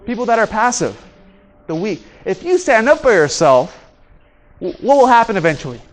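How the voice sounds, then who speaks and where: Working as a trainer and speaker, a man addresses an audience on conflict in a motivational session. His voice is high and his speed normal, and he brings his stories to life by acting out the dialogue with distinct voices.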